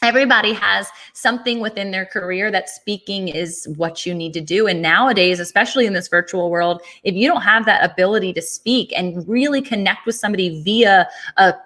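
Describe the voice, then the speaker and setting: A woman's voice: medium pitch, a little fast, few pauses, pushed and bright. A woman hosting a podcast interview, chatting casually with enthusiasm and emphatic energy. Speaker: podcast host.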